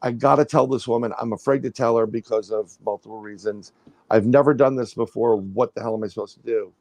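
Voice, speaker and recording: A man's voice: mid-range voice, a little fast, dry recording. A middle-aged man telling a story casually on a livestream, rambling with restarts and acting out what people said. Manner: rambling, animated storytelling with restarts and acted-out quotes. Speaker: guest, paranormal researcher.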